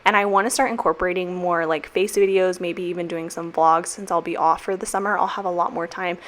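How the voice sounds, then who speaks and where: A young woman, a teacher, narrating a casual voiceover from her kitchen with frequent fillers, warm and emotional. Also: on the low side, fairly even intonation, brisk. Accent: American. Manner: chatty, emotional, many fillers and "like". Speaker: teacher and planner vlogger. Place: home kitchen.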